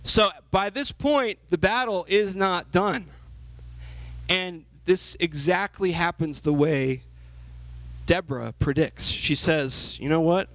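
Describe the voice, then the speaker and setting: A young man giving a lively youth sermon, asking the audience questions and acting out the characters in the story. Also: high-pitched, takes it slowly, no room sound, low-quality recording. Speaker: youth pastor.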